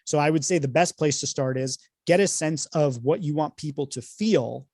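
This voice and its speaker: A man's voice: a little high, darkish tone, no echo. Fluent man with a dry, close sound. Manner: fluent, structured explaining. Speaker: author, guest host. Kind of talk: casual conversation.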